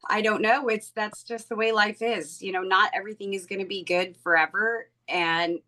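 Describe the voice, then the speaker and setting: Woman, bright and sharp tone, earnest and confiding on a video call. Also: medium pitch, fairly even intonation, normal speed. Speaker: real estate agent. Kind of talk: candid sharing on a group call.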